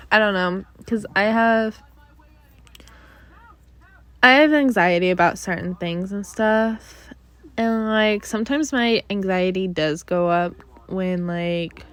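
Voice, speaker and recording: A woman's voice: mid-range voice, fairly bright tone, dry recording. A young woman hosting her own podcast, rambling through the week's news in casual chat with many fillers and sighs, bothered by allergies. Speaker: podcast host.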